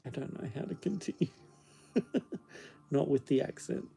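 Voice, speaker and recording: A man chats to the camera in a slow, unhurried way. He is playful and jokes with his toys and his cat. His voice is mellow and soft-edged. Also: fairly high pitch, creaky. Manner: chatty and joking, talks to his toys and cat. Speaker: vlogger. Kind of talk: casual chat to camera.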